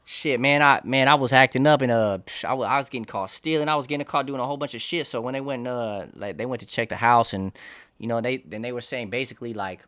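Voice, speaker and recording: A young man speaking in a relaxed, rambling way, heavy on slang and filler phrases. His voice sits at a middle pitch for a man. He keeps circling back and restarting his sentences as he tells his story. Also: fast. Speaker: interview guest. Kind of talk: casual storytelling interview.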